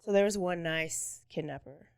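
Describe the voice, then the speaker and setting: A woman's voice: on the low side, normal speed, smooth, no room sound, clean studio sound. A woman co-hosting a casual true-crime podcast, chiming in with blunt, sarcastic remarks. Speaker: podcast co-host.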